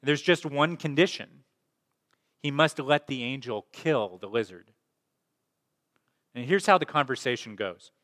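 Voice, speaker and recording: A male pastor preaches a sermon in a relaxed, conversational manner, pausing on fillers and repeating words. His middle-pitched voice is expressive and fairly bright, and a long reverb follows each phrase, like a large church.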